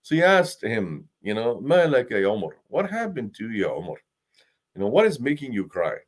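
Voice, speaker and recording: A man, an imam, giving a Quran lesson, telling stories with swings from loud to hushed and reciting Arabic verses quickly. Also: medium pitch, huge pitch swings.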